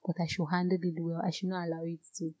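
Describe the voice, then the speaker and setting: A woman telling her own story in an earnest, direct way, growing animated and indignant at times. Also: fairly low pitch, fast, no room sound, clean studio sound. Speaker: guest sharing a personal story. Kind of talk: candid personal testimony.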